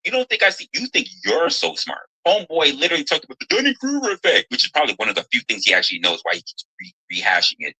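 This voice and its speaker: A man arguing in a heated chat, talking quickly and with animation. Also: on the high side, sing-song, sharp tone, husky, low-quality recording.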